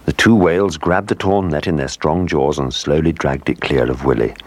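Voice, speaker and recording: A man reading a children's story aloud in a lively, expressive way. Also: rumbling low, normal speed. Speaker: narrator.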